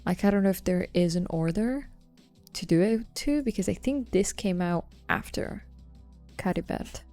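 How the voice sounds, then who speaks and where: Gravelly lady streamer rambling over her game, mellow tone, swears casually. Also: mid-range voice, moderate pace, faint music behind. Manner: thinks aloud, casual, swears offhand. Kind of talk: live-stream gameplay commentary.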